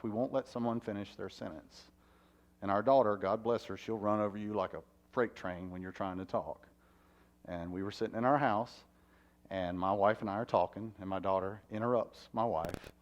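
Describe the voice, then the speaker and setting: A fire chief speaking to a conference audience, animated and asking the room questions. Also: male voice, mid-range voice. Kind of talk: conference talk. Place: conference hall.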